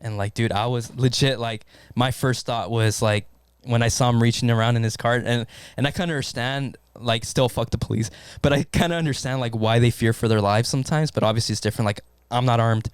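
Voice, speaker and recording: A man in a casual podcast chat, telling a story in an animated way and swearing constantly. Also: mid-range voice, fairly quick, clean tone, no echo, clean studio sound. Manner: animated, swears constantly, acts out his own panic. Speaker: podcast co-host.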